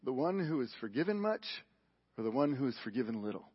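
A man voicing Jesus as he calmly and quietly questions his host. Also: mid-range voice, fast talker, breathy edge, lo-fi sound. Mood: gentle. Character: calm, gently probing Jesus, adult man.

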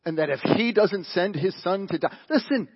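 A male pastor preaches with force, firing rhetorical questions and then dropping to a hush. His voice is husky and sits fairly high. The audio is dull and lo-fi, like a live broadcast. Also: normal speed. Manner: emphatic, rhetorical questions, big swings in loudness. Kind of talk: sermon.

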